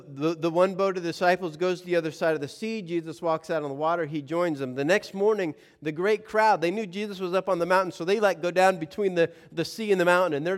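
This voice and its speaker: Animated male preacher, raised voice. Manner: animated, acts out scenes with playful voices; reads scripture aloud in a slower, lower tone. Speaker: pastor. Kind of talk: sermon.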